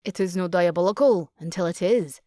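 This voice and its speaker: Brief: woman reading as a surly Scottish publican, low and curt, dry close sound. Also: a little fast, mellow, no room sound, lightly acted. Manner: suspicious, curt, Scots dialect words. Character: gruff guarded Scottish male pub owner.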